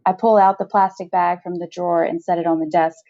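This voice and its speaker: A woman author reading her own first-person short story in a steady, measured narration, heard on a slightly dull lo-fi recording. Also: lowish voice.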